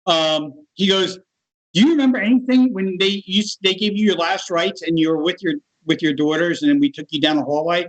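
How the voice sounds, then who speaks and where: A middle-aged man with a fairly high voice tells a personal story in a relaxed, conversational way. He livens it up by acting out the other people's lines in changed voices. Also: brisk, hardly any pauses, low-quality recording. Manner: animated, acts out other people's voices in his stories. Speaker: guest. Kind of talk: casual storytelling.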